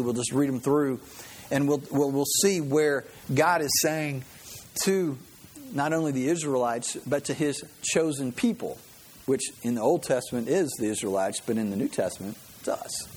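A man's voice: medium pitch, moderate pace, a little mellow, slightly rough. A man preaching a sermon in a conversational way, often asking the listeners questions. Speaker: pastor.

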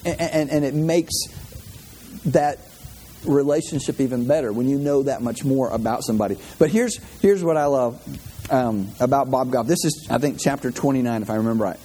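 A man's voice: medium pitch, normal speed, dark tone, a little hiss or hum. A man delivering a casual, conversational sermon with self-deprecating jokes and emotional, heartfelt moments. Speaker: pastor.

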